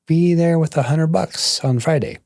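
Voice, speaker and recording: A man quoting his female friend, a healing-touch teacher, in a brisk, smiling way. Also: fairly high pitch, creaky, darkish tone, no echo, clean studio sound, pitched above the performer's own voice. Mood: breezy. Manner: breezy, brisk, smiling offer.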